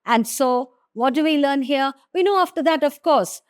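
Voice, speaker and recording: A woman teaching the Bible in a devotional way, reading scripture aloud and then explaining it slowly and with emphasis. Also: high voice, no echo, studio quality.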